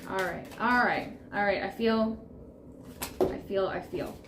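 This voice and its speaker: A woman's voice: on the high side, fairly even intonation, a little slow. A woman reading tarot to camera, speaking in a soothing, reassuring way and repeating affirmations. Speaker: tarot reader. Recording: roomy echo with faint background noise.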